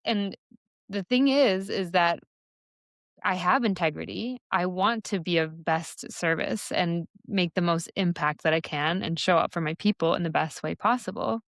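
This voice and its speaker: Candid woman podcaster, low-pitched and dry. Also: normal speed, a bit bright, dry recording. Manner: candid, conversational, with frequent fillers. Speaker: podcast host and somatic embodiment coach. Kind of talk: reflective solo podcast monologue.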